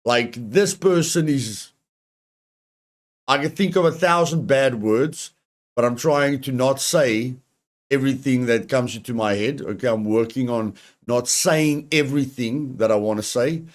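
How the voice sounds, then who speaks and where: Blunt, angry male co-host in a heated rant, swears freely, mid-pitched. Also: measured pace. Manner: blunt, angry, swears often, repeats himself. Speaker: co-host reacting to news.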